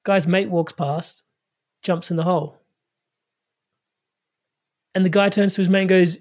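A fairly high-voiced man speaks as a life coach guest in a podcast conversation. He is casual and slangy, full of "like" and "you know," and tells his stories with energetic, spiritual self-help phrasing. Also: a little slow, pauses often. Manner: casual, slangy, frequent fillers.

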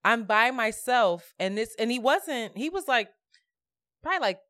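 Woman podcast co-host, bright tense voice, casual storyteller who acts out the dialogue. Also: a little high, moderate pace, no room sound, studio quality. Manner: expressive, laughing, acts out dialogue. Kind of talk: casual chat, animated storytelling.

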